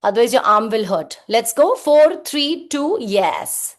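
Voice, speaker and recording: Slow-counting woman fitness instructor, echoey room. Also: on the high side, animated. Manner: counting reps with brief cues and praise. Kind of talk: live group workout instruction.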